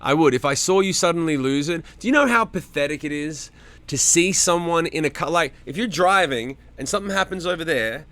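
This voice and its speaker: The streamer here is a middle-aged man at home, casually running a live chat where he reads comments, calls viewers by name, and swears a lot. He sounds animated and fairly quick, with a somewhat high, slightly bright voice.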